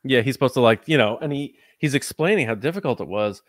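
A man's voice: medium pitch, lively intonation, quick pace, no echo, studio quality. A man co-hosting a podcast in casual chat, rambling with many likes and restarts. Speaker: podcast co-host.

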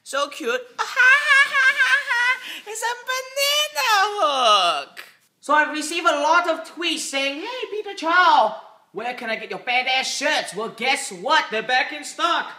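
A young man hosting a comedic vlog, ranting loudly and excitedly about his day. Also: extremely high pitch, a little slow. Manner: loud, excitable comic ranting. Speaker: vlogger.

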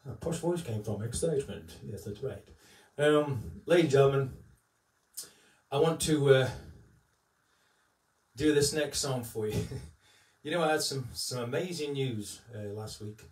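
A man's voice: medium pitch, a little slow, a little mellow, reverberant. Heartfelt man chatting from a distance. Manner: heartfelt and rambling, many fillers. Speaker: tribute entertainer. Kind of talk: casual chat on a live stream.

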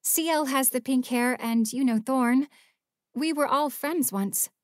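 A gentle one-winged young woman who speaks in a soft, kind way, as a woman reader puts her on. Her voice sits a little higher than the narration. The audiobook recording is dry and close. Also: slow, no room sound.

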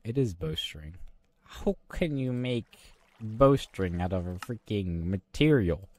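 A man with a very low voice talks his way through a video game in a casual, rambling way. He mutters half to himself and drops dry, self-mocking jokes along the way. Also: expressive, slow, darkish tone. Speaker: gaming channel host. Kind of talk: casual gameplay commentary.

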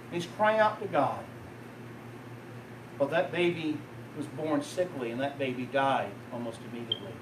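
A man's voice: mid-range voice, moderate pace, pauses often, noisy background. A male pastor preaching a sermon, telling the story with a voice that rises and falls in intensity. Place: church sanctuary. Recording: roomy, distant church recording.

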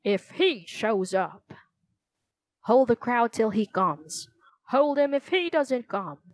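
A woman's voice: fairly high pitch, expressive, slow pace, no room sound. A woman voicing a panicking, hysterical male theater owner who wails and pleads frantically. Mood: pleading. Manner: wailing, frantic and dramatic.

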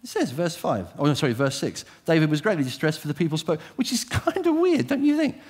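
Animated, lively-pitched male preacher. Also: fast talker, husky. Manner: animated, shifting from loud emphasis to quiet intensity; direct, asks the listeners questions. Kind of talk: sermon.

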